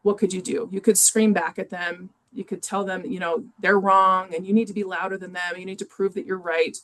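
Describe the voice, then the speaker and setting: A woman leads a teaching webinar in a relaxed, conversational way. She talks at a middling pitch, often pausing on small fillers as she works through examples. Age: adult with children in youth sports. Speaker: webinar presenter. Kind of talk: educational webinar talk.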